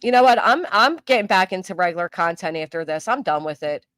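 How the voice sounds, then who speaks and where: A woman's voice: fairly low pitch, animated, fairly quick, fairly bright tone, no echo, rough recording. Heated, profane woman ranting on commentary. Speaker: commentary channel host. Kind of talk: angry commentary rant.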